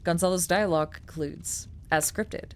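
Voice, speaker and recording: A woman's voice: lowish voice, fairly even intonation, moderate pace. A woman streamer reading a document aloud, breaking off into chatty, filler-heavy asides and casual swearing.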